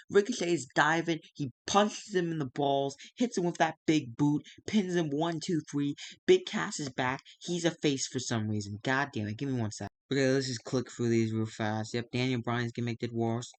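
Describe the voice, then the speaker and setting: A young man talks through a wrestling simulation game in a loose, casual way, recapping each match. His voice sits a little high, and the recording is dry and close to the mic. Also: dry recording. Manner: recaps matches and briefly acts out wrestlers' lines in quick, squeaky outbursts. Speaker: wrestling sim game player narrating. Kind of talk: casual let's-play narration.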